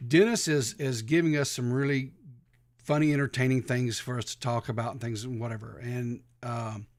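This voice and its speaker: A male podcast co-host who speaks haltingly, circling back and restarting as he works through a point. His talk is casual and earnest. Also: mid-range voice, steady tone. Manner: hesitant, many restarts and fillers.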